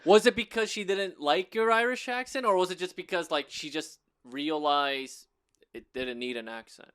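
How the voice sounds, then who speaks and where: A man's voice: on the high side, moderate pace, a bit bright, clear, resonant tone, dry recording, clean studio sound. A man hosting a podcast, asking questions and reacting eagerly and encouragingly in casual conversation. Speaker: podcast host. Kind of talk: casual interview.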